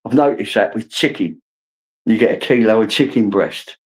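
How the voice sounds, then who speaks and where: A man's voice: on the low side, moderate pace, poor audio. A middle-aged man hosting a casual livestream, greeting viewers by name and swearing freely. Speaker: livestream host.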